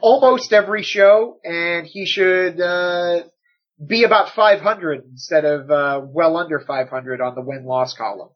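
A man's voice: fairly high pitch, unhurried. A man co-hosting a casual chat, stammering through restarts and joking sarcastically. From United States. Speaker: podcast co-host. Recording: slightly muffled audio.

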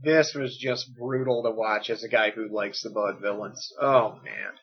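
A man co-hosting a casual wrestling chat, enthusiastic and excitable, often repeating his words. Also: lowish voice, normal speed, husky. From United States. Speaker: wrestling podcast co-host. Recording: dull lo-fi sound.

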